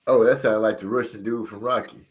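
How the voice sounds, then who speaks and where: A man's voice: fairly low pitch, fairly even intonation, brisk. A man hosting a casual live boxing chat at a home mic. He talks loosely and jokes at his own expense. He breaks off now and then to read viewer comments. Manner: joking, self-deprecating, reads chat aloud. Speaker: channel host.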